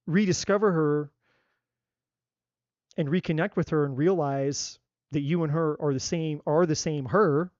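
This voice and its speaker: Emphatic man with a raised pitch. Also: a little mellow, dry recording, muffled recording. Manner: emphatic, repetitive, swears casually. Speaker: tarot reader. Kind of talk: live-stream spiritual talk.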